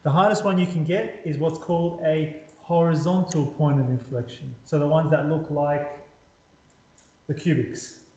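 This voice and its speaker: A man's voice: on the high side, steady tone, moderate pace, warm tone, reverberant, dull audio. A man teaching a maths lesson at a whiteboard, upbeat, often checking that his students follow. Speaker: maths tutor.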